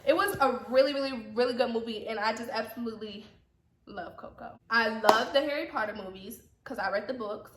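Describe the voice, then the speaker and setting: A woman's voice: on the high side, fairly quick. A young woman from Atlanta with a slight Southern accent, chatting casually to camera, repeating herself with playful teasing asides. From Atlanta, Georgia. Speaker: vlogger. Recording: echoey room with faint noise.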